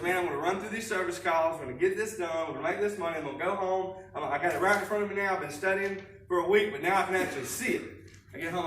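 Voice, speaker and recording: High-voiced man telling a story in an echoey church. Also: recorded from a distance, slight background noise. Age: adult, married. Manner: animated storyteller, laughing often, plain folksy talk. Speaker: recovery group leader. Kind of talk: church recovery lesson with personal story. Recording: echoey church hall, speaker away from mic.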